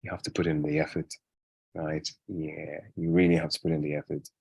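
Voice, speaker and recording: A man chatting casually as an interview guest, relaxed and rambling, with many fillers and restarts. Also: extremely low pitch, brisk, vocal fry, breathy edge. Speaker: guest English speaker.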